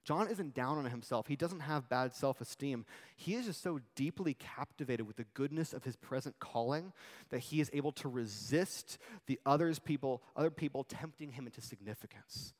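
A man, a youth pastor, preaching a conversational sermon with animated asides and hushed, dramatic quotations. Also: medium pitch, normal speed, long reverb tail.

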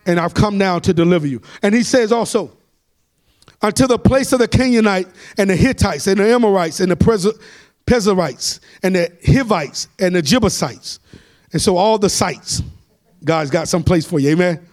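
Man, pastor, high voice, preaching a sermon that swells into shouts. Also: normal speed. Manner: preaching, rising to shouts and sung phrases, calls for amens. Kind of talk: sermon and Bible study.

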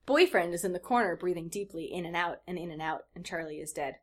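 A woman's voice: on the low side, fast. Woman theatrically reading fan fiction. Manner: theatrical, breaking into laughter. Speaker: podcast host.

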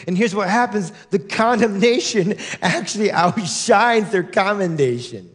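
A man's voice: high-pitched, expressive, measured pace, hardly any pauses. A male pastor preaching a sermon in a church, emphatic and direct, often stopping to say "listen" and check "right?" with the congregation. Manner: emphatic, drives points home with repeated "listen" and "right?". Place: church sanctuary.

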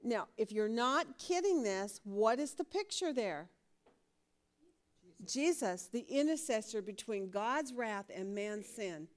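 Lively woman teaching a Bible class. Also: fairly high pitch, takes it slowly. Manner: lively, laughs often, asks the class questions.

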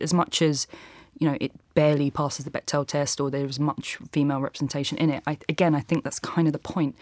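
A mid-pitched, chatty voice giving opinions on a film in a relaxed conversation. It talks animatedly, with fillers and short laughs. The sound is dry and close. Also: no room sound. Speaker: film reviewer. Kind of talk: casual discussion.

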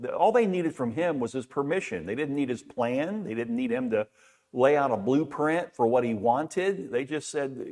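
A man's voice: medium pitch, normal speed, a little mellow. A middle-aged man preaching a sermon in a conversational way, asking rhetorical questions and often repeating words. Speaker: pastor.

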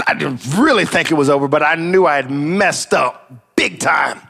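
A man, a pastor, telling a personal story in a relaxed sermon, with casual asides and frequent "praise God.". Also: fairly high pitch, normal speed, vocal fry. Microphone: live stream.

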